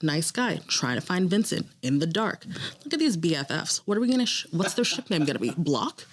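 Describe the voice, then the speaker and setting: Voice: mid-range voice, breathy edge. A podcast co-host giving blunt, sarcastic running commentary while watching a show, swearing freely.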